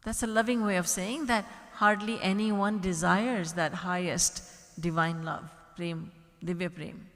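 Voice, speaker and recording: A woman spiritual teacher delivers an earnest devotional discourse filled with rhetorical questions, speaking unhurriedly in a steady, lowish voice with a bit of brightness. A large retreat hall gives it long reverb.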